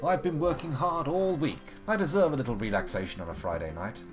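Tired middle-aged shopkeeper, read out by a man, slow drawn delivery, game music underneath. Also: a little high, animated, voice pushed up, lightly acted. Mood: weary. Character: hardworking middle-aged male village shopkeeper.

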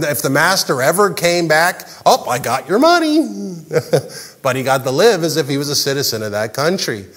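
A man preaching a sermon as pastor, animated and jokey, acting out the characters' lines. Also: a little high, long reverb tail. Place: large church hall.

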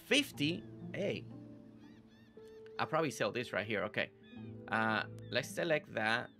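In a mid-range, expressive voice with a sharp tone, a man with a slight non-native English accent comments on his live gameplay at a measured pace. Faint game music plays while he cheerfully chats and greets viewers by name.

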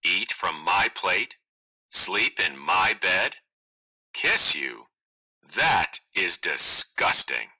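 Brat noble, young man, demanding and whiny, read aloud by a man in a storybook play, bright and forceful. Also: low-pitched, big pitch swings, very slow, slightly rough, exaggerated voice, low-quality recording. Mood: disgusted. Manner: bossy, whining, shouts in bursts. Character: spoiled bratty young nobleman, loud and demanding.

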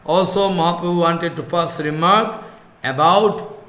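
A man teaching a scripture class in a high voice. He speaks haltingly, circles back over his phrases, and slows down to chant verses. The room gives his voice a noticeable echo. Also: bright, forceful tone. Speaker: spiritual teacher.

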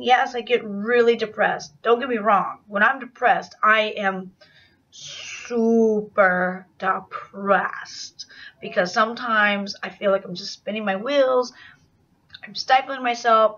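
A woman's voice: a little high, fairly bright tone. Woman talking openly to her camera, confessional, a bit far off from the mic. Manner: rambling, candid and confessional. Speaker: vlogger. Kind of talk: casual video diary. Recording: dull, slightly distant sound.

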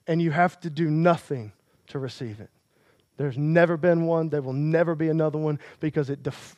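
A man's voice: on the high side, a little mellow, dry recording. A man preaching a sermon as a pastor, with impassioned, emphatic delivery.

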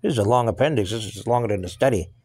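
A man's voice: lowish voice, racing, dark tone, no room sound. Rambling middle-aged man teaching Bible. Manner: rambling, repeats himself, many fillers and asides. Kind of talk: casual Bible study lesson.

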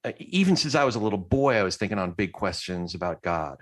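A man's voice: on the low side, animated, quick pace, fairly bright tone. A man hosting a podcast interview, speaking thoughtfully with some hesitant restarts. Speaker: podcast host.

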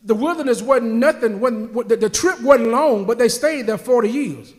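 High-voiced pastor preaching with church reverb. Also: male voice, moderate pace. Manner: call-and-response preaching, swinging from soft to shouted. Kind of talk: preaching a sermon. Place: large church sanctuary.

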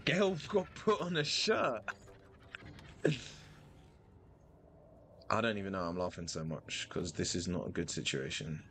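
A man giving playful, animated commentary while playing a video game, thinking aloud and repeating himself. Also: low voice, a little slow, pauses often, a little hiss or hum. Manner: animated, playful, sudden loud outbursts. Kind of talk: live gameplay commentary.

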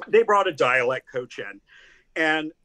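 A man's voice: on the high side, animated, unhurried, pushed and bright. An older man from Tennessee with a Southern accent, a guest critic telling stories in a casual interview with frequent restarts. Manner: chatty storyteller, many restarts and laughs. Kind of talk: casual video-call interview.

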